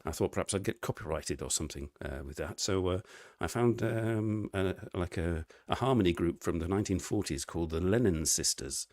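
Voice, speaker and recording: A man's voice: deep voice, fairly quick, darkish tone, no echo, clean studio sound. A middle-aged man chatting casually on his live stream from his living room, greeting viewers and laughing often.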